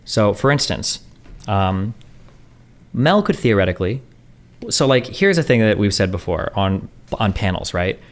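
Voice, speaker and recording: A man's voice: lowish voice, big pitch swings. A man in a casual, rambling monologue, answering chat questions and swearing freely, with constant fillers. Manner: rapid, profane, heavy on fillers like "like" and "um".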